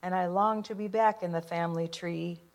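A woman's voice: lowish voice, steady tone, normal speed, close to an everyday voice. A woman voicing a small male stick figure, sing-song and plaintive in his refrain.

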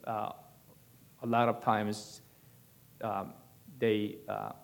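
Slow, measured male preacher. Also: on the low side. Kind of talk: sermon teaching.

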